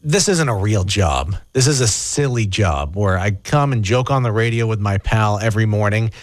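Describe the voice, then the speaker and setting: A man cracking jokes at his own expense on morning radio, his voice bouncing lively in pitch. He sits close to a studio mic in a dry booth. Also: normal speed, no echo. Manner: joking, self-mocking. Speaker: radio host. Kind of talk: casual morning radio banter. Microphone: studio microphone.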